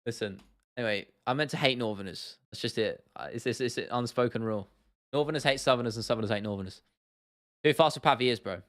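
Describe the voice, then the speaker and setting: A young MMA livestream host with a southern English accent talks fast in a mid-range, slightly bright voice. Casual and chatty, he laughs often as he answers comments, repeats himself, and addresses his viewers as "bro" and "lad."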